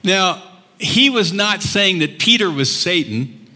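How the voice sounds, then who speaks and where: A male pastor preaching a sermon, telling the story with animated voices and laughs. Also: sits high, takes it slowly. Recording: long hall reverb.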